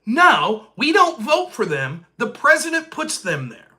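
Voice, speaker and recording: A man impersonating a smug young woman at a party in a high, whiny, mocking voice. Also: huge pitch swings, a little slow, bright, forceful tone, heavily acted. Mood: insistent.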